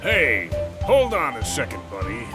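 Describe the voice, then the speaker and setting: Salesy weapon shop guy, slow and sing-songy, music in the back. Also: mid-range voice, wildly swooping pitch. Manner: salesy, explanatory, drawn-out. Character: shrewd talkative male arms shopkeeper. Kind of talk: game voice acting. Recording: game audio with music behind.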